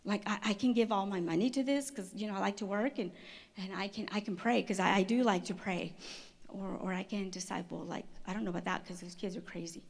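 Woman conference speaker, personal testimony, lively, mid-pitched storyteller, restarts and laughs. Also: a little fast, creaky. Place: stage at a women's conference.

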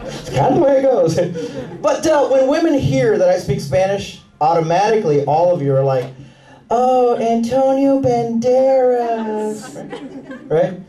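Animated high-voiced comedian in a club. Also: male voice. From Mexican family roots. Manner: animated, punchy delivery with quick put-on voices. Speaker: stand-up comedian. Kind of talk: stand-up comedy set. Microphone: handheld stage mic. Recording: roomy club sound with laughing crowd, taken from far off. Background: audience laughter.

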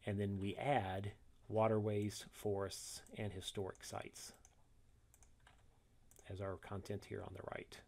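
A man walking through a software tutorial step by step, reading each instruction and then demonstrating it, correcting himself along the way. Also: on the low side, flat delivery, takes it slowly, vocal fry, pauses often. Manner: methodical, reads steps then demonstrates, self-corrects.

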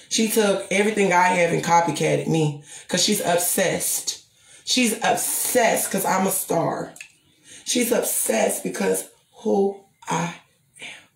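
A woman's voice: medium pitch, vocal fry, roomy sound. A woman in a confrontational, profane vlog rant, taunting a rival and addressing her viewers. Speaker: vlogger.

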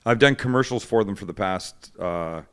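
A man's voice: fairly low pitch, moderate pace, fairly bright tone, clean tone. A man hosting a cooking show, telling stories in casual chat and poking fun at his friends. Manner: joking storyteller, does voices of others.

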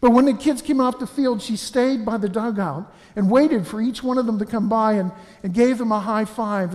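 A man delivers a funeral homily in a church, earnest and anecdotal, often stumbling and restarting his words. His voice sits high for a man, and it rings out with long reverb from the church. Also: a little mellow.

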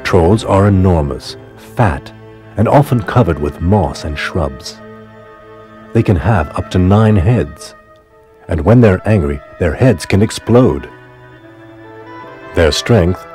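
A man giving a measured, solemn scripted reading for a documentary. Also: low voice, darkish tone. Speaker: documentary reader.

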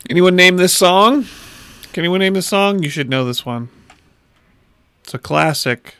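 Guy in his 30s streaming a game from home, slow easygoing chatter to chat, dry close mic. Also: high-pitched, animated, a bit bright, clean tone, no room sound. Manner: chatty, talks to chat while playing. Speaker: livestreamer. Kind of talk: casual gameplay livestream chat.

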